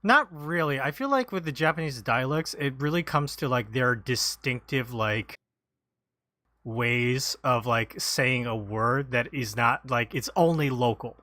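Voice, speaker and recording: A man's voice: medium pitch, unhurried, pushed and bright, dry recording. A man chatting casually on a podcast in a loose, self-deprecating way. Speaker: podcast host. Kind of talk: casual chat.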